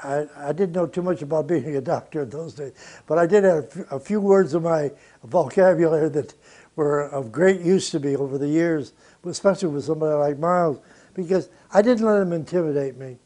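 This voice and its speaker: An older man with a high-set voice recounts his producing days in an interview. He tells it bluntly, drops profanities freely and chuckles between his stories. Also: fairly quick, mellow. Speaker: record producer. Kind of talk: interview storytelling.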